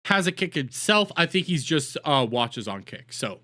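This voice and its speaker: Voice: medium pitch, big pitch swings, moderate pace, sharp tone. A streamer giving casual reaction commentary in crude, profane, mocking rants.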